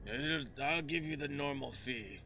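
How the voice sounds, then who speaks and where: A man doing a placating smooth shopkeeper. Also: a little high, measured pace, slight background noise. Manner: soft, placating, hesitant. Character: smooth-talking male shopkeeper, apologetic.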